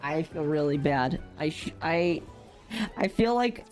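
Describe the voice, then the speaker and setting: Faint music plays behind a young woman gaming live, her deep, darkish voice unhurried yet lively in intonation. She yawns a lot, sounds sleepy, and is self-deprecating while reading out chat messages in casual conversation.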